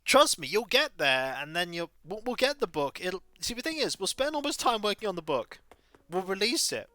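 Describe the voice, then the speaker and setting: A man streaming a game, chatting casually and telling stories in an animated, chatty way. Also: high-pitched, normal speed, dry recording. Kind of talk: casual chat while playing a game.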